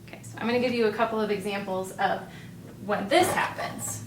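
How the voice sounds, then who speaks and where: A woman teaching a phonics lesson at a board, patient and encouraging, pausing for the learner's answers. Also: mid-range voice, fairly even intonation. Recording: roomy echo, distant mic, faint hiss.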